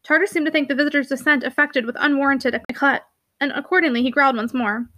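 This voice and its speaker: A woman narrates a classic novel for an audiobook, her voice pitched high and light. She moves through the text at a brisk, steady pace without lingering on any line.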